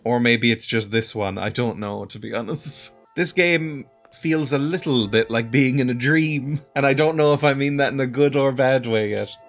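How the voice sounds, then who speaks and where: A man's voice: mid-range voice, moderate pace, hardly any pauses, faint music behind. Dry, sardonic man commentating a game. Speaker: let's play host.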